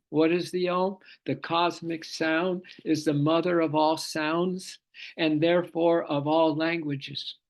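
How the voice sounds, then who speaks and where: A spiritual teacher with a gravelly, slightly high-pitched voice leads a class on scripture. He speaks fervently, looping back over his phrases and stretching vowels into long chants.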